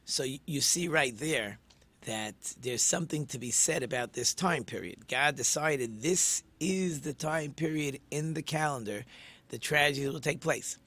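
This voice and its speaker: A man's voice: a little high, a little slow, fairly bright tone. A man teaching an informal religious class, talking conversationally, asking himself rhetorical questions, with frequent ums and restarts. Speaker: Torah teacher.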